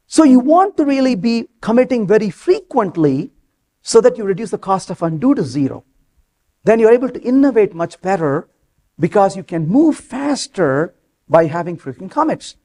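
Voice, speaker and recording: A man speaks from a conference stage, his voice pitched high and swinging widely as he tells stories. He drops into different voices to act out conversations, keeping the audience with him. He sounds close on a clip-on or headset mic. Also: normal speed. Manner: animated storytelling, acts out quoted dialogue. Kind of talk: live technical talk.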